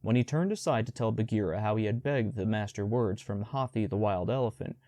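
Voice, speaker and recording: A man narrating a storybook audiobook in a measured, even storytelling manner. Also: lowish voice, no echo.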